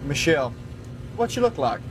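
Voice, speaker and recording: A man's voice: fairly high pitch, very animated, normal speed, background noise, pitched below the performer's own voice. A man playing a brash radio prankster in a comedy sketch, needling a friend. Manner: needling, teasing.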